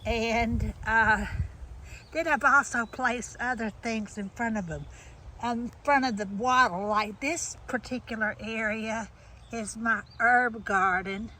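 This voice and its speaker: A woman's voice: a little high, slow pace, sharp tone, a little hiss or hum, low-quality recording. A woman giving a rambling, chatty walk-through of her garden outdoors, restarting her sentences often. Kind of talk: casual walk-through tour.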